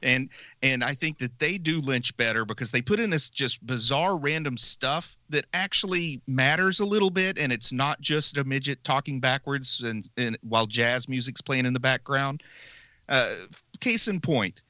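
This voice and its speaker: Bright-voiced man chatting on a podcast. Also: medium pitch, normal speed, no room sound. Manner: animated, laughs often. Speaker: podcast host. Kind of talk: casual chat.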